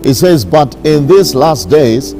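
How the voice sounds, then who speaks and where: A bishop preaching a sermon, repeating his declarations slowly and with emphasis. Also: a little high, lively intonation, warm tone, soft background music. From Kenya.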